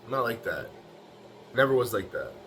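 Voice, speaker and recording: Speaking at a normal pace in a lowish, sing-song voice that's a bit bright, a middle-aged bricklayer vlogger rambles through a tough-talking pep talk. There's a little hiss or hum on the recording, and he's profane and blunt, constantly tossing in "you know, right?"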